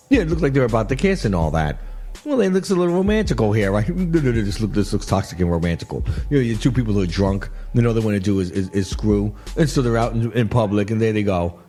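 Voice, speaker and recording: A man hosting a radio talk show, commenting on clips in an animated, chatty way with frequent laughs and restarts. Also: on the low side, slightly rough. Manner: animated, laughing, repeats himself. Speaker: radio host.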